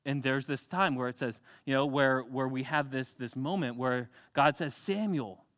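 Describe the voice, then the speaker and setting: A young adult man preaching a sermon in a church, telling the story with animated energy, acting out voices and laughing often. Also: mid-range voice, normal speed, clean tone. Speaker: pastor.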